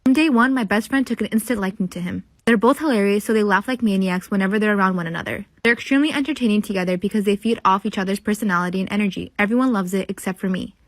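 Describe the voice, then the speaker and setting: A woman reading a personal story aloud in a steady, matter-of-fact way. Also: medium pitch, very fast, hardly any pauses, no echo.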